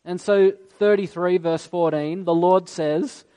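A man delivers a sermon in a notably high voice. He tells the story with animation and slips into the voices of the figures he quotes. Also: steady tone, measured pace, warm tone, smooth. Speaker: preacher.

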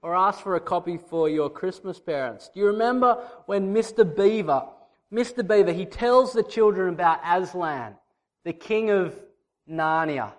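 Male preacher, high-pitched, casual and direct with his congregation. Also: animated, normal speed. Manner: conversational, teasing the congregation. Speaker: pastor. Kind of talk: sermon.

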